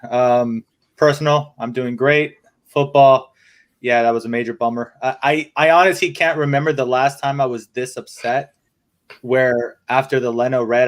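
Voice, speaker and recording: A man on a casual football podcast, talking earnestly and haltingly about his team's loss. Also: medium pitch. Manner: earnest, halting, repeats himself. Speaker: podcast co-host.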